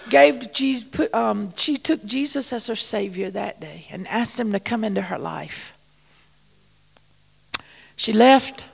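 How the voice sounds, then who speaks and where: A church missions speaker delivers a storytelling sermon in a folksy style, her slightly high voice showing vocal fry and at times dropping to near-whispers. The sound suggests a big room.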